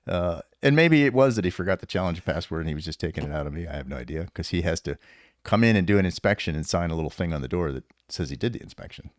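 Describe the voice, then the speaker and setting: Very deep-voiced man telling stories. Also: quick pace, no room sound, clean studio sound. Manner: animated and profane, laughs often and acts out the quotes in his stories. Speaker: podcast guest, retired special operations sergeant major. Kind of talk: casual storytelling.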